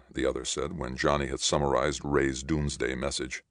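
A man narrating a science fiction novel aloud in an even, unhurried reading. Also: rumbling low, no echo, studio quality. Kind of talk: scripted audiobook narration.

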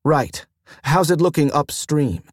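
A man reading an audiobook, voicing a calm, focused male technician who talks quietly. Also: slow pace, breathy edge, no room sound, clean studio sound, exaggerated voice. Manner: quiet, low-key.

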